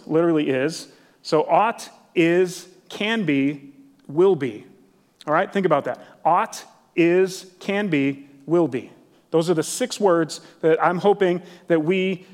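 Middle-aged male pastor, high-pitched, chatty and excitable preaching in a church with lingering echo. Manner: casual, enthusiastic, many "like" fillers. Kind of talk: sermon. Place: church sanctuary. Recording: long church hall reverb.

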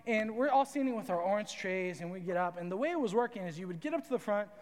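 A young man with a high voice preaches to a crowd in a large hall, and his words ring out with a long echo. He tells his story in a chatty, animated way and keeps asking the room "right?". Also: quick pace. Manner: animated, conversational, asks "right?" often. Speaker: youth pastor. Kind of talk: sermon with storytelling. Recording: reverberant hall.

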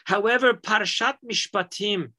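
A man teaching a Torah lesson, an animated and emphatic storyteller. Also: high voice, a little slow.

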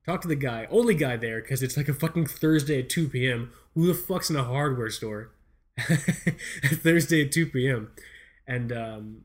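An American man of middle pitch hosts a podcast and spins a rambling comedic yarn. He swears freely and pokes fun at himself as he goes. His delivery is animated and casual. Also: normal speed. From United States. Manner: profane, rambling, self-mocking, animated. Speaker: podcast host. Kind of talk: comedic storytelling.

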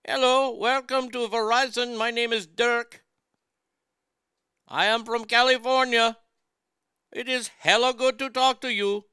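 A man's voice: very high voice, steady tone, a little slow, long pauses, sharp tone, clear, resonant tone, no echo, clean studio sound, pitched above the performer's own voice, exaggerated voice. A man voicing a chirpy male call-center agent who speaks in a stiff, formal script mixed with slang.

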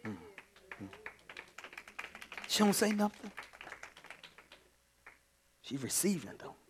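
A male pastor delivering a sermon, dropping to hushed whispers and then rising to shouted cries of praise. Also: high-pitched, sing-song, slow, a little hiss or hum. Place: church sanctuary.

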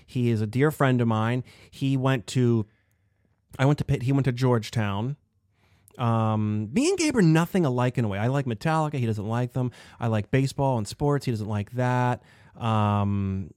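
A middle-aged man hosts a casual podcast, rambling and poking fun at himself. His voice sits at a medium pitch and sounds close and dry, with nothing around it. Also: dry recording. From Pittsburgh area, USA. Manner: rambling, self-deprecating, trails off with fillers. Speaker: podcast host.

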